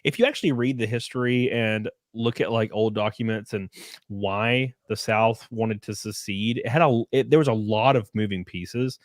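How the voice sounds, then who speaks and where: A man's voice: on the low side, normal speed, no echo, clean studio sound. A young man hosting a casual livestream, rambling with lots of fillers and restarts, swearing freely as he reads chat. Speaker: streamer host reading chat.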